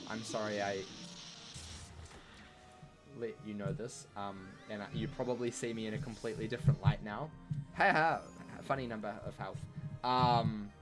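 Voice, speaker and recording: Playful, rambling male game streamer. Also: fairly low pitch. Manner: playful, jokey, rambling with many fillers. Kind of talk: casual live-stream chat while gaming.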